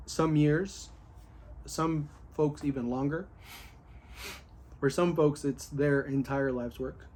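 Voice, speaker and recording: Excited man recapping his day. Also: fairly high pitch, slightly rough. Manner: candid and excited, with many fillers and a bit of cursing. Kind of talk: casual spoken recap.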